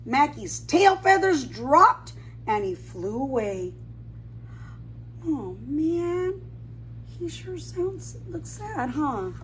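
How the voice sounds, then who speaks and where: A woman reads a storybook to preschoolers in a high, sing-song voice that swoops widely between notes. She takes her time and pauses to ask the children questions. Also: big pitch swings, a bit bright, slight background noise. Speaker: preschool teacher. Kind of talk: storybook read-aloud for children.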